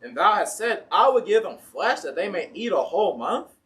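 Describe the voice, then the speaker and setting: Higher-voiced man preaching in church. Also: big pitch swings, normal speed, fairly bright tone, far from the mic. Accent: Ohio. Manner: casual, voices complaining Israelites and God in everyday speech. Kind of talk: sermon. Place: church sanctuary.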